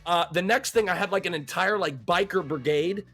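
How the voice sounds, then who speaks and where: High, lively American streamer host. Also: male voice, normal speed, soft background music. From United States. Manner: energetic, joking, repeats himself. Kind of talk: casual streamed interview.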